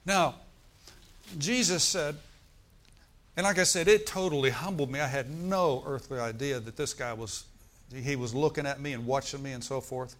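A man's voice: mid-range voice, moderate pace. Man preaching a sermon, middle-aged, storytelling, calls for amens. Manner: storytelling, asks the congregation for responses.

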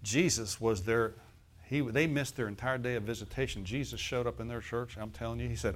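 A man's voice: mid-range voice, fairly even intonation, fairly quick. Folksy laughing male preacher. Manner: folksy, laughing asides, rhetorical questions to the congregation. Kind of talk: sermon. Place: church service.

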